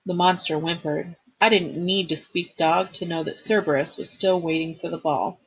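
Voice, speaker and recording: A woman teacher reads a novel aloud in a fairly low, husky voice, with expressive storytelling and the odd stumble she corrects. The recording is a bit dull and lo-fi. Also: moderate pace. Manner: expressive storytelling, occasional slips and rereads.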